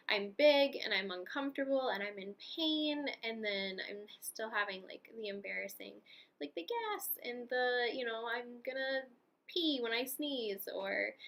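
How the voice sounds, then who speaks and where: A woman's voice: mid-range voice, sharp tone. A pregnant young woman chatting casually in a vlog, rambling with fillers and little laughs. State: heavily pregnant. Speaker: vlogger.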